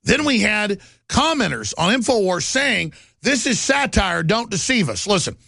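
Male host, combative ranting monologue, gravelly and forceful, raised pitch, dry. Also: sing-song, normal speed, no room sound. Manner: combative, ranting, rising to outbursts. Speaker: talk show host. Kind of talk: talk radio monologue.

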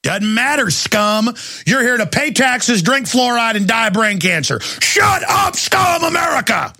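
A man voicing a brutal, sneering male riot cop who shouts contemptuous threats. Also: high-pitched, a little slow, pitched above the performer's own voice, exaggerated voice. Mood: snarling.

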